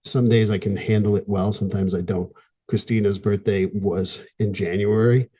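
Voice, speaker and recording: A middle-aged man, a therapist hosting a podcast, talking in an earnest, candid way with frequent pauses. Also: fairly low pitch, steady tone, dark tone, husky. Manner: earnest, candid, pausing, gets emotional at times. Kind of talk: reflective podcast monologue.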